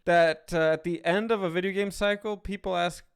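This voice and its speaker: A man's voice: high voice, steady tone, moderate pace, clear, resonant tone. A man co-hosting a live video game podcast, chatting casually and joking about his week. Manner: easygoing, joking. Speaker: podcast co-host. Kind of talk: casual chat.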